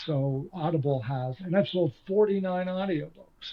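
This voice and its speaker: This is a former radio host turned author, an older man from Canada, sitting in as an interview guest and poking fun at himself as he tells stories. His voice sits on the high side at a normal speed, and the recording has its highs cut off.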